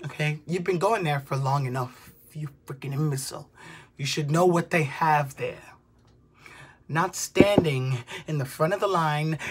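A woman in her twenties, a vlogger, delivering an exasperated comedic rant, swearing and bursting into shouts. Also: low-pitched, expressive, normal speed, slightly rough. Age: 20s.

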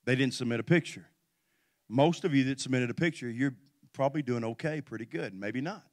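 A middle-aged man preaching a sermon as pastor, telling stories and then building to loud call-and-response exhortation. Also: medium pitch, a little fast, no echo, studio quality.

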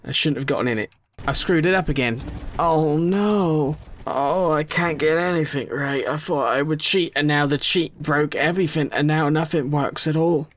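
Rambling, self-mocking gamer. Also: male voice, a little high, normal speed, a bit bright, soft background music. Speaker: gaming YouTuber. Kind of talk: casual gameplay commentary.

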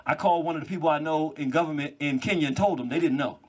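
A man with a slightly high, husky voice speaks to a live audience. He lectures in an animated way, telling stories and dropping mocking asides. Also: very fast. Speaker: public speaker. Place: cultural venue before a live audience.

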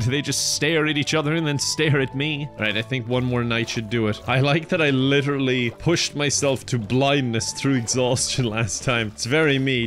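A man's voice: medium pitch, fairly bright tone. A young man giving casual, sarcastic commentary as he plays a farming game, laughing often. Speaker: gaming YouTuber.

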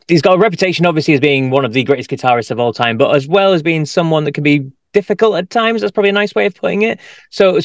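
A man hosting a rock interview, asking long, halting questions full of restarts. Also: a little high, no echo, clean studio sound. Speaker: interviewer host. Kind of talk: casual interview.

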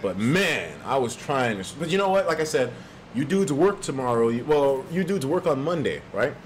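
A man chatting casually on a live stream, profane and animated, reading out viewer donations with sudden loud jumps in pitch. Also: moderate pace, slight background noise. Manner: reads viewer donations aloud.

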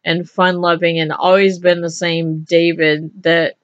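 A woman's voice: on the low side, level tone, unhurried, no echo. A woman from the American South, hosting a casual radio interview in a chatty, easygoing way. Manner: chatty, laughs easily. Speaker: radio host. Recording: dry, dull lo-fi radio audio.

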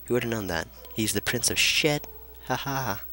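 A man giving casual let's play commentary from a room at home, joking, swearing freely and talking somewhat hushed. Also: medium pitch, expressive, normal speed. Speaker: gamer.

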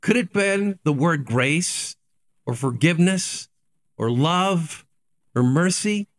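A man's voice: on the high side, expressive, takes it slowly. A man, a pastor giving a daily devotional sermon, earnest and repetitive, asking rhetorical questions and answering them.

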